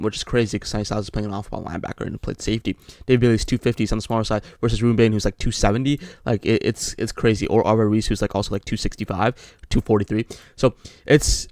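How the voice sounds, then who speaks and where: A man's voice: fairly low pitch, a little mellow, dry recording. A young man giving casual solo football draft commentary, rambling and repeating himself as he restarts his thoughts. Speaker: sports commentator.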